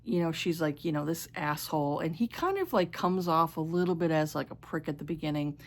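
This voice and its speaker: A woman's voice: deep voice, expressive, brisk. A woman vlogger casually recapping a romance novel, rambling with many fillers and restarts, and sometimes stumbling over words. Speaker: book vlogger.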